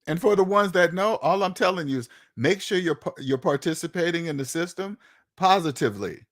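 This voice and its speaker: Emphatic man with a raised pitch. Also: lively intonation, brisk. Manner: emphatic, repetitive, full of rhetorical questions. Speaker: channel host. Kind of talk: casual opinion monologue to viewers.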